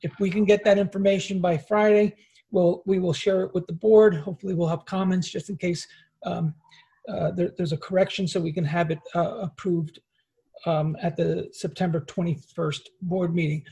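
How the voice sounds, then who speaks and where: A man who is a business administrator giving a halting report full of fillers at a school board meeting. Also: high voice, flat delivery, warm tone, breathy edge, poor audio. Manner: halting, many fillers and repeated words.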